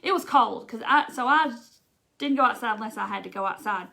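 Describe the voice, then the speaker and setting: A woman's voice: fairly high pitch, animated, brisk, creaky. A middle-aged woman with a Southern US accent, hosting a casual craft livestream and chatting with viewers. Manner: chatty, warm-hearted, says y'all, tearful at times. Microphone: phone or webcam livestream.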